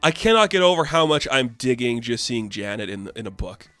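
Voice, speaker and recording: A man's voice: mid-range voice, big pitch swings, a little fast, a bit bright, dry recording. A man casually reviewing a comic book with enthusiasm, talking in a loose, filler-heavy way.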